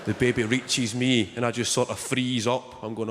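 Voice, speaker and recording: A young man doing stand-up, telling stories in a wry, deadpan way. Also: medium pitch, moderate pace. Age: young adult. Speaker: stand-up comedian. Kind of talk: stand-up comedy set. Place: large theatre stage. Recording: echoey theatre, loud noise.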